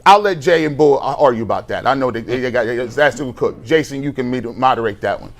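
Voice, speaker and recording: A man's voice: medium pitch, animated, fairly quick. A man co-hosting a sports talk show, ranting in a heated, slangy, exasperated way about coaching decisions.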